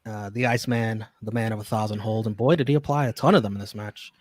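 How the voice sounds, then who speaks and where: A man's voice: lowish voice, fairly even intonation, fast, no room sound, clean studio sound. A man co-hosting a wrestling podcast, reading out match notes and star ratings with wry asides. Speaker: podcast co-host. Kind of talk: casual wrestling match recap.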